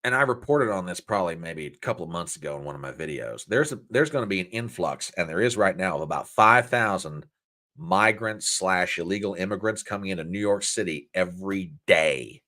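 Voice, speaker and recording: A man hosting a political commentary show, talking in an animated, folksy, indignant way. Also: deep voice, fairly quick. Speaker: host.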